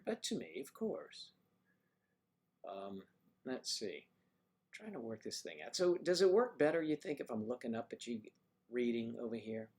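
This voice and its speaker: A man's voice: medium pitch, darkish tone. A man hosting a casual livestream, chatting and teasing as he greets his viewers by name one after another. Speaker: livestream host reading viewer chat.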